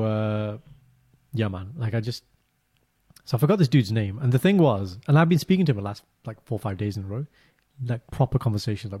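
A man co-hosting a podcast, telling a story in a casual, animated way and jumping into high, exaggerated voices. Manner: animated storytelling, breaks into high mock greetings. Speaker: podcast co-host. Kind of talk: casual chat.

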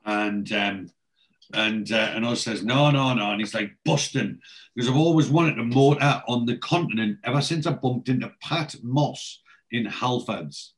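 A man chatting casually as a podcast host. He retells scenes from a show and quotes each character's lines in a lively storytelling way. His voice sits at an ordinary pitch. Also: moderate pace, poor audio.

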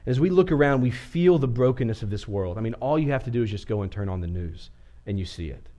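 A man's voice: medium pitch, quick pace. A man preaching a sermon, opening with a casual, joking story before turning serious. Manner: casual, joking storyteller with lively swings in energy. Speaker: pastor.

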